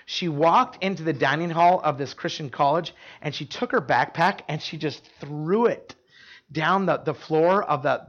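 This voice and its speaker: A man's voice: fairly high pitch, a bit bright, dull audio. A man preaching a sermon, telling stories in an earnest, emphatic way with frequent restarts. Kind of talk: sermon storytelling.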